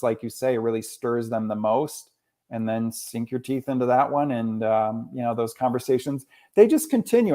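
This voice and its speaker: A man in his forties, a school counselor, talking casually as a podcast guest and telling stories with quoted dialogue. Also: mid-range voice. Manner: animated storyteller, often quotes others.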